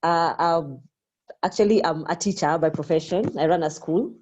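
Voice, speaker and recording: A woman introducing herself on a video call, speaking slowly with some hesitation. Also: low voice, a little mellow, lo-fi sound, a little hiss or hum. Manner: slow, hesitant. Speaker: teacher and entrepreneur.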